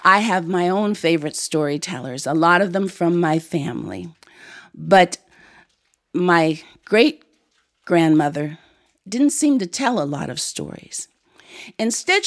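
A woman storyteller from Ohio, telling a family story live before a studio audience and breaking into song to lead them in call-and-response. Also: medium pitch. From Ohio, USA.

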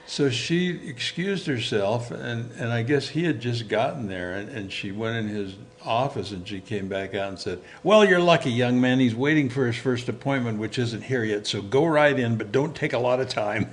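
An older man shares a personal story in an interview, speaking at an ordinary middle pitch. He chuckles often and livens up as he acts out the exchanges he remembers. A faint hiss sits under his voice. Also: normal speed. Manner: animated, chuckling, acts out quoted dialogue.

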